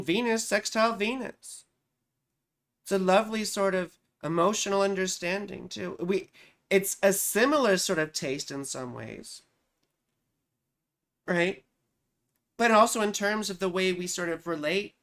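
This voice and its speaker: A woman's voice: medium pitch, measured pace, pauses often. A woman astrologer giving a casual live-stream reading, chatty and profane, who keeps answering her chat.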